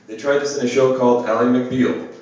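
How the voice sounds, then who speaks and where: A young man delivers a deadpan stand-up set in a small venue. His voice sits in the middle range but is heard from far across the room. The phone recording is very echoey and picks up the audience's laughter. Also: medium pitch, brisk, highs cut off. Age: young adult. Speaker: stand-up comic. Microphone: phone camera across the room. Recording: distant echoey phone video of a club set.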